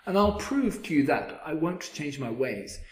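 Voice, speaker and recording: A man's voice: fairly high pitch, very animated, measured pace, reverberant, poor audio. A man voicing a stubborn, proud male Zax creature in a storybook read-aloud.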